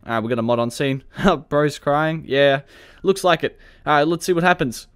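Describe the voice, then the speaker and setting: A gaming video creator provides chatty commentary during a police roleplay, joking, laughing often, and barking commands at suspects. His voice is clear and resonant, a little high, at a normal speed.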